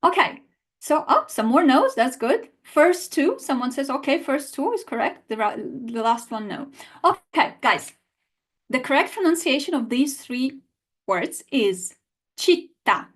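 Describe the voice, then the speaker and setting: A woman's voice: high voice, measured pace, breathy edge. A woman teaching a live online language lesson, talking straight to her viewers and answering their chat replies. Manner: lively, animated, talks to viewers directly.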